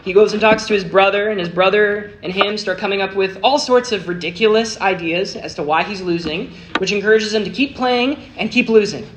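A man's voice: sits high, fairly quick, hardly any pauses. Man preaching over a noisy recording. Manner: expressive storytelling with big swings from hushed to emphatic. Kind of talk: sermon.

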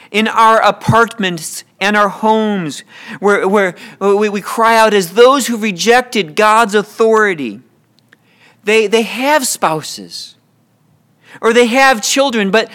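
A man's voice: sits high, takes it slowly, fairly bright tone, smooth. A man preaching a sermon with passion, often repeating words as he builds a point.

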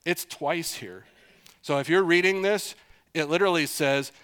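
Middle-aged male preacher, conversational teaching sermon, slightly higher pitch, asks the room questions. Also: moderate pace, a bit bright, clear, resonant tone. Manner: conversational, repeats for emphasis, asks listeners questions. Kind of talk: expository sermon.

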